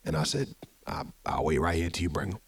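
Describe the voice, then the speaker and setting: A man with a very low, husky voice tells a story at a live podcast show. He talks with energy, hypes up the crowd and often repeats words as he goes. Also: lively intonation, brisk. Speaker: podcast host. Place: live show venue with audience.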